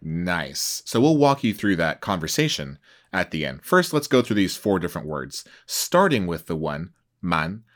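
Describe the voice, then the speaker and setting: A man hosting a conversational language lesson, animated and playful, often laughing and feigning alarm. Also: low voice, moderate pace. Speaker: host.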